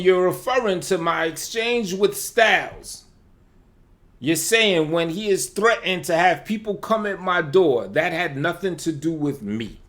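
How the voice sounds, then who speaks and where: A man hosting his channel, answering a clip in relaxed, conversational and dismissive commentary. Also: high voice, unhurried. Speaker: channel host replying to a clip. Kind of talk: casual reaction commentary.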